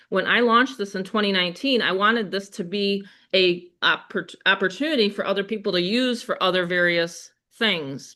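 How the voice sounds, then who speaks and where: A middle-aged woman with a Western New York accent, hosting a live webinar in an energetic, chatty way and talking straight to her audience. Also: mid-range voice. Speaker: webinar host. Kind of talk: live sales webinar chat.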